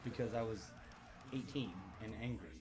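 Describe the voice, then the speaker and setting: A man in his thirties hosting a livestream, telling a story in a loose, profane, animated way. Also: on the low side, normal speed, background noise. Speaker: livestream host. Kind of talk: casual storytelling to a live chat.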